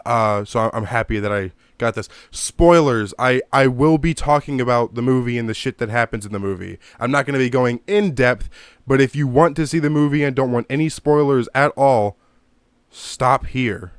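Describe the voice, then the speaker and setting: A man's voice: mid-range voice, moderate pace, smooth, dry recording, studio quality. A man recording a casual movie review at home on his own mic. He rambles, swears a lot, and gets worked up. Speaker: video creator reviewing a movie. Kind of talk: casual ranting commentary. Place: home room. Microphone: own desk mic.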